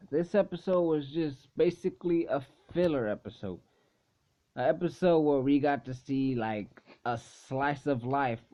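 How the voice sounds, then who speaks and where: A young man casually recapping an anime episode in a rambling way, full of swearing and filler words. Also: medium pitch. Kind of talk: casual video review recap. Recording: dull lo-fi recording.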